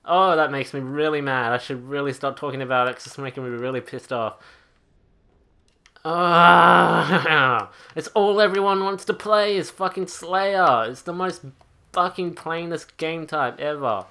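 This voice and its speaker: A man's voice: on the high side, normal speed, a bit bright, smooth. A man ranting angrily over gameplay, profane and exasperated, as a gaming channel host. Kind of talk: angry gameplay rant.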